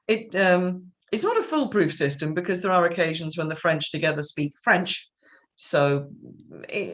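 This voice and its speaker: A woman directing a theatre company, chatting casually over a video call and often restarting her sentences. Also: on the low side. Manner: rambling, chatty, with many restarts and laughs. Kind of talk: casual chat.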